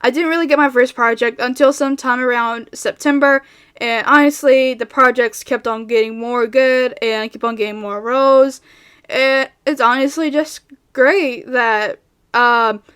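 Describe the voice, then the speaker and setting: The voice is high-pitched, steady, clean, and fairly bright, at a normal pace, from a young adult woman who does voice acting. She answers questions in a laid-back vlog, rambling with many fillers, using a studio mic and pop filter at home in her bedroom.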